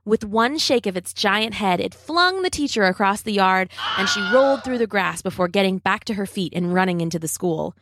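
A woman reading a children's adventure story aloud, steady and dramatic. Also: medium pitch, moderate pace, hardly any pauses, noisy background.

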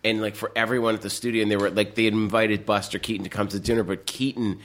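A man as a podcast guest, telling stories in a casual chat, animated and full of fillers and laughter. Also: on the low side, fast talker, slight background noise.

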